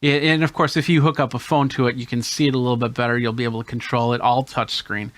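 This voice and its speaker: A man's voice: mid-range voice, flat delivery, fast, no room sound. A man hosting a tech channel, explaining camera gear hands-on in a casual demo. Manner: explains hands-on while demonstrating gadgets.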